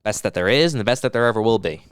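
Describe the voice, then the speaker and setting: Young guy podcast cohost, super clear smooth voice, dry close mic, rambles and swears a lot. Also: on the low side, very fast, no echo. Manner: rambling, profane, drifts into mock voices. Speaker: podcast co-host. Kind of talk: casual podcast banter.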